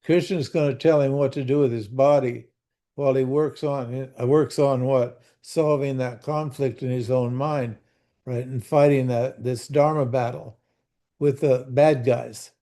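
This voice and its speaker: Older man teaching slowly, folksy and mellow. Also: medium pitch, steady tone. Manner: folksy, asks the class questions, repeats words. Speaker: spiritual teacher. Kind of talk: conversational scripture teaching. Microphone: video call.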